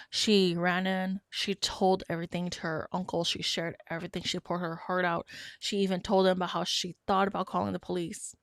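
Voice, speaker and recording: A woman as podcast host, narrating a story in an earnest, measured way. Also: fairly low pitch, gravelly, dry recording, studio quality.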